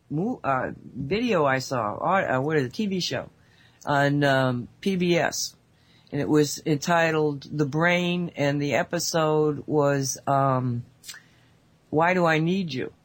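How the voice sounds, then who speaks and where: A woman co-hosting a casual spiritual talk show, telling stories in a rambling, animated way with many asides, speaking over an online call mic. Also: sits low, takes it slowly. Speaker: radio show co-host.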